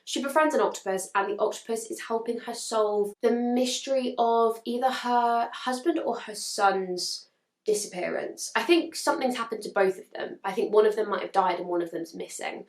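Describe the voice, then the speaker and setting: A woman chatting to camera about books she wants to read, gushing and hedging, a little hoarse as she is losing her voice. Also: a little high, moderate pace, echoey room. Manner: chatty and gushing, with frequent hedges. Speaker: book vlogger. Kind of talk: casual chat to camera.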